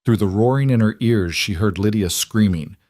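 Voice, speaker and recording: A man narrating a western story in an even, dramatic manner. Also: fairly low pitch, normal speed, no echo, studio quality.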